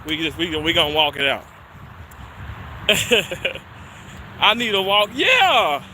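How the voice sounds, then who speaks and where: A man's voice: high-pitched, very animated, takes it slowly, pushed and bright, slight background noise. A chatty man livestreaming outdoors on a snowy street, laughing often, a little winded from walking and talking to viewers. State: slightly winded from walking uphill. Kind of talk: casual walking livestream chat.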